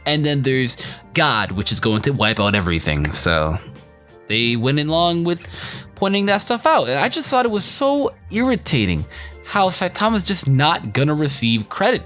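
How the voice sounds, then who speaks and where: A man giving a casual spoken anime review in an excitable, slangy, rambling way. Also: a little high, normal speed, soft background music.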